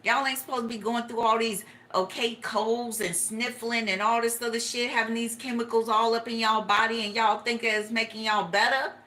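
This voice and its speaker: A woman voicing God as a cursing preacher who scolds people about their health, with a quicker, higher voice than her own. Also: level tone, sharp tone. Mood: scolding. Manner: profane, scolding, emphatic.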